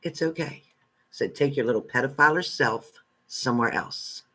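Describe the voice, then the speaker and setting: A man hosting a live stream as a spiritual reader, reading out viewer comments and answering them bluntly, swinging between loud outbursts and low muttered asides. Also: moderate pace, a little hiss or hum. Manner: blunt and confrontational, talking back to commenters.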